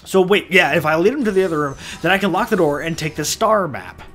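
A man's voice: fairly high pitch, lively intonation, fast, a bit bright. A man doing casual let's play commentary, tired and yawning, rambling and talking to himself with frequent restarts.

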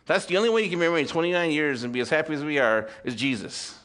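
A middle-aged male pastor with a fairly high voice delivers a sermon to his congregation. He builds to loud, emphatic peaks, then drops to quiet, intimate asides, peppering his sermon with rhetorical questions and calls for amen. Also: expressive, fast talker. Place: church service with congregation.

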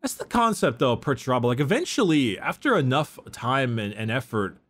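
Man, casual chat, rambling storyteller, middle pitch. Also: big pitch swings, fairly quick, fairly bright tone. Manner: rambling storyteller, acts out quotes. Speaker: podcast co-host retelling lore.

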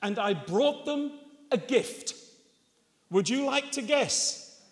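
Speaking slowly in a very high, expressive voice, a man in his sixties from England delivers a sermon as a chuckling storyteller who pokes fun at himself. The setting is a church hall with long reverb.

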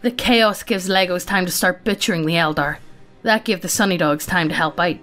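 A woman's voice: fairly low pitch, fairly quick, fairly bright tone, soft background music. A woman narrating a sci-fi story aloud in a matter-of-fact, casual way, often breaking into laughter.

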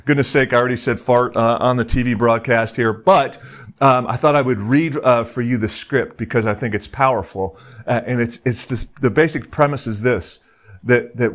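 A man's voice: medium pitch, moderate pace. A male pastor giving a casual, joking sermon to his congregation, full of filler words and restarts. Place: church service broadcast.

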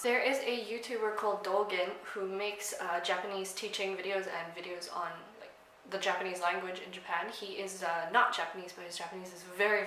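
A woman's voice: medium pitch, a bit bright, roomy sound, slight background noise, low-quality recording. A young South African woman, Afrikaans by first language, chatting casually to camera as a language vlogger, with frequent ums and likes. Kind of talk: casual explanatory talk to camera.

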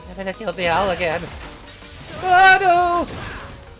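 Playing in character as a symmetry-obsessed young male reaper, a man gives short-tempered gameplay commentary, easily agitated and swearing and yelling at the game. He sounds annoyed yet playful, with a high, sing-song, slow full character voice over game music.

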